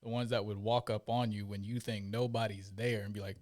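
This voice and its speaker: A man's voice: fairly low pitch, flat delivery, a little fast, a little mellow. A man telling stories in casual podcast chat, acting out the voices of the people he quotes. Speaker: podcast guest, former Marine.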